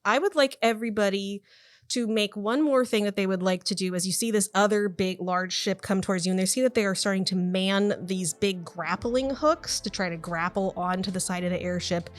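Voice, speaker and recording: A woman's voice: mid-range voice, brisk. Chatty woman game master. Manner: chatty, laughs often, casual fillers. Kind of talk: narrating a tabletop game.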